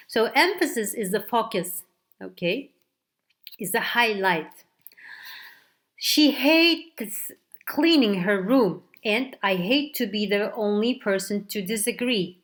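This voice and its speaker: A woman teacher giving a recorded grammar lesson, explaining examples step by step and often checking with "okay". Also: mid-range voice. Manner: slow, deliberate explaining with frequent "okay" checks. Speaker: English teacher.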